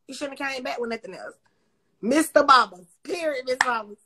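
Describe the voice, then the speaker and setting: Brief: loud-mouthed woman livestreaming from her phone, high bright voice, crude and mocking. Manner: brash, profane, mocking. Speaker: Instagram live host. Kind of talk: casual trash-talking livestream.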